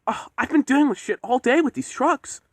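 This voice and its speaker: A man voicing an angry, foul-mouthed male steam engine who yells and swears in a high, strained voice. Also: fairly quick, no room sound. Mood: furious. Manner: yelling and swearing.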